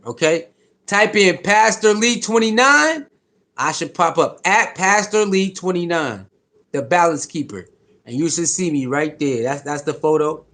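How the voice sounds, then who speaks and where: Slangy high-voiced man chatting live. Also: a bit bright. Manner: slangy, repeats himself, greets viewers by name. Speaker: live streamer chatting with viewers. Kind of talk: casual live-stream chat.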